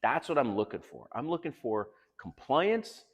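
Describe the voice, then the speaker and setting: A man's voice: medium pitch, sing-song, moderate pace, husky. A middle-aged man giving dating advice to camera in a casual monologue, blunt, emphatic and profane as he lectures. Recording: long reverb in the room.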